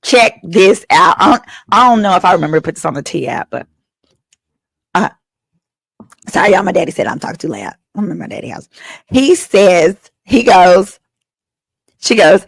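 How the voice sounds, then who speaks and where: A woman in her thirties tells a story with a gravelly, fry-edged voice and lively comic timing. She acts out the other people's lines as she talks from her father's house. The sound is close and dry, with no room around it. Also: fairly low pitch, moderate pace, pauses often, no echo. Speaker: attorney and host. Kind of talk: casual comedic storytelling.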